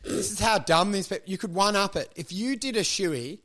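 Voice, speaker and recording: A man with an American accent co-hosting a comedy podcast, riffing and swearing and building up to shouted bits. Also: high voice, fairly quick. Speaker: podcast co-host.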